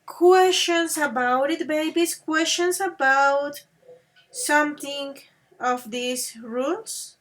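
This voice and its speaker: A woman English teacher with a high voice leads an online grammar class. She talks slowly and carefully, addressing her students as dears and babies. She slips into now and then to make a rule clear. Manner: slow and patient, calls students babies and dears; switches between English and Spanish to explain.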